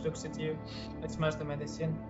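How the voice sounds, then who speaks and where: Casting: a man playing a haughty drow matron with a Russian accent, contemptuous and commanding, slightly raised pitch, dull lo-fi sound with music behind. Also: monotone, fairly quick, natural voice. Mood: disdainful. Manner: imperious, contemptuous, clipped orders.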